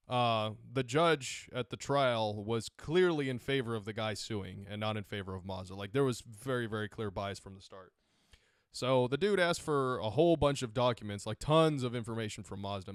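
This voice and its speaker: A man's voice: on the low side, clean tone, no echo, clean studio sound. A man on a podcast casually retelling court cases, rambling, correcting himself and dropping sarcastic asides. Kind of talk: casual chat.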